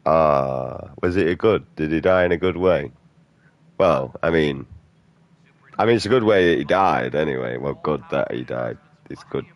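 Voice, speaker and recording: A man's voice: rumbling low, lively intonation, moderate pace. A man, a gaming streamer delivering an aggressive, profane rant in blunt slang. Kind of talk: angry off-topic rant during gameplay.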